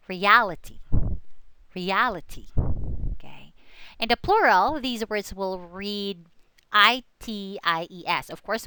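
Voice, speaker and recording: Slow, animated woman teaching pronunciation. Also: medium pitch, smooth, no echo, low-quality recording. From Philippines. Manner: spells out letters, repeats example words slowly. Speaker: student presenter. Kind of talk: recorded English pronunciation lesson.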